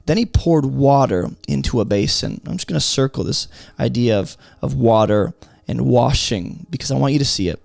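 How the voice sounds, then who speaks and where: A man's voice: medium pitch, expressive, moderate pace, vocal fry, a little mellow, dry recording. A man teaching through a Bible passage in an emphatic, explanatory way, often asking rhetorical questions.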